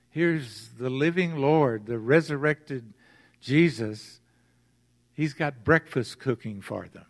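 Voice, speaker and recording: Man, pastor, storytelling sermon, unhurried delivery, long hall reverb. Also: a little high. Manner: storytelling, acting out voices of the story.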